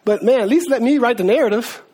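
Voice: mid-range voice, fast talker, warm tone, breathy edge. A preacher delivering a sermon in casual, slangy talk, repeating words and laughing as asides.

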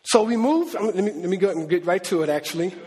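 Male preacher, high voice, husky, conversational sermon, long hall echo. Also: quick pace. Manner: animated, conversational, acts out God's voice. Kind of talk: sermon teaching.

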